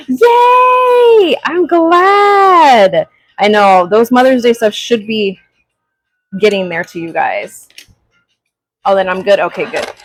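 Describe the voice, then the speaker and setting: A young woman chatting on a craft livestream, greeting viewers with excited gasps. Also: mid-range voice, a little hiss or hum, low-quality recording. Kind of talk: casual livestream chat. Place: craft workspace at home. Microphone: small clip-on mic.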